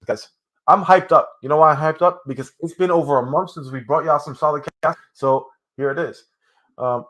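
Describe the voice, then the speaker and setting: A man co-hosting a casual gaming podcast, talking in an excitable, rambling way with frequent swearing while he has the hiccups. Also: fairly high pitch. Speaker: podcast co-host.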